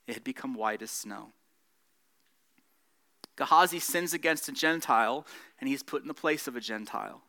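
A man preaching a sermon, earnest, rising in emphasis and dropping soft at the close of points. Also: medium pitch, normal speed, long pauses. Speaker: pastor.

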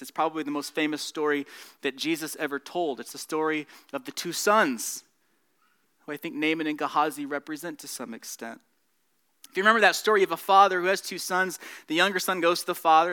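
Bright-voiced male pastor preaching. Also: on the high side, clear, resonant tone. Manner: earnest preaching, rising in emphasis and dropping soft at closes. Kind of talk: sermon.

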